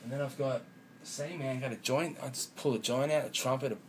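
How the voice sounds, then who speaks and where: A man's voice: medium pitch, steady tone, fairly quick, a little hiss or hum, low-quality recording. Rambling profane man. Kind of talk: rambling monologue vlog.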